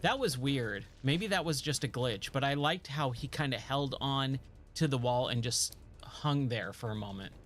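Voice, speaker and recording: A man's voice: mid-range voice, animated, normal speed, fairly bright tone, soft background music. A man streaming a video game, chatting and joking to himself and his viewers as he plays. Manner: chatty, joking, talks to himself while playing. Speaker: gaming streamer. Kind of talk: casual let's-play commentary.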